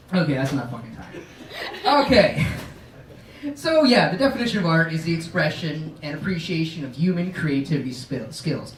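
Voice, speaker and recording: A man's voice: on the high side, slight background noise. A man giving a casual, jokey speech at an art show, swearing and laughing as he talks. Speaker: event organizer giving a speech. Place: art show in a restaurant lounge. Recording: roomy sound from a distant camera.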